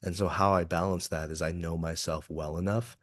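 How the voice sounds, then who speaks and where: A man's voice: sits low, fairly even intonation, brisk, no room sound, studio quality. A man from Kentucky, an executive coach talking earnestly and reflectively as a guest in a podcast interview. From Kentucky, USA. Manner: earnest, reflective, open about feelings.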